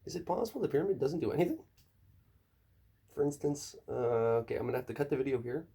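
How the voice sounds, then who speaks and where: A man's voice: fast talker, gravelly, husky. A man telling a rambling, profane comedic monologue full of conspiratorial asides. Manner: jumps to high excited pitch for emphasis.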